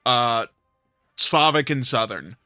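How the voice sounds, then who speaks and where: A man's voice: mid-range voice, lively intonation, slow, pushed and bright, dry recording, soft background music. A man chatting casually on a livestream, hesitating often with filler sounds. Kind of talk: casual chat.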